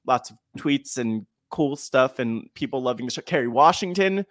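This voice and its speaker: A man's voice: medium pitch, lively intonation, normal speed, no echo, studio quality. Chatty earnest man podcast co-host. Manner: earnest and chatty, with playful jokes. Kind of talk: casual podcast chat.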